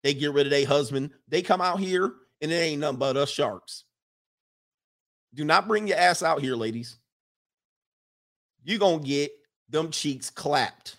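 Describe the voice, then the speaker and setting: A man's voice: fairly high pitch, measured pace, pauses often, fairly bright tone. A man hosting a casual livestream, teasing and boastful in tone, who laughs often as he talks. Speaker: YouTube livestream host.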